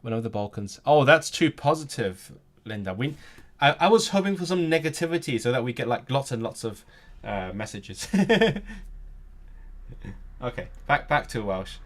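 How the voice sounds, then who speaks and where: Expressive and medium in pitch, a young man runs an informal language-learning live stream. He often backs up to restart sentences, answers his chat, and haltingly tests out Turkish and Welsh expressions.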